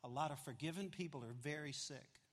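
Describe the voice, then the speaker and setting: High-voiced preacher in an echoing hall. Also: male voice, brisk. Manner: animated, confessional, swings from loud to hushed. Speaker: pastor. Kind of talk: storytelling sermon. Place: large church auditorium. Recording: long hall reverb.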